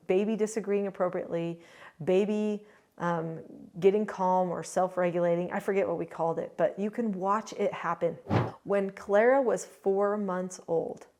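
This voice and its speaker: A middle-aged woman and grandmother, a parenting coach giving an earnest, chatty talk to camera. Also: medium pitch. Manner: earnest, chatty, with lively quoted asides. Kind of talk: casual instructional talk to camera.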